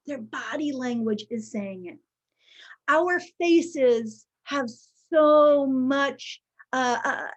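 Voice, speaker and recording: A woman giving a live workshop talk over a video call, teaching in a lively way and often checking in with "right?". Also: high-pitched. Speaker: workshop presenter. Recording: muffled video-call audio.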